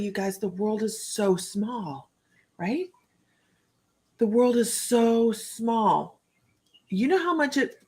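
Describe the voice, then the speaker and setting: A woman's voice: mid-range voice, a little mellow. A woman hosting a casual live stream who rambles, laughs often and greets viewers by name as she reads their comments. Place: home, indoors.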